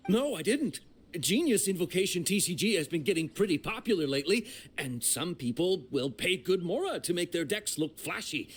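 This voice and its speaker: A man's voice: high-pitched, very animated, normal speed, breathy edge, exaggerated voice. Brief: a flustered young guy, tripping over his words, voice jumping around. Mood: nervous. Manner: nervous, stammering, defensive. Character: jittery young man caught in a shady deal. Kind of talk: video game voice acting.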